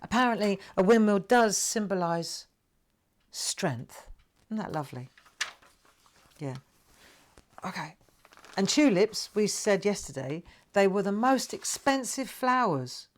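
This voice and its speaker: A woman's voice: mid-range voice, big pitch swings, slow pace, pauses often. A woman in her sixties with a South London accent, chatting and laughing as host of a live craft stream, often tagging her sentences with "right?". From England. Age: 60s. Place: home craft room.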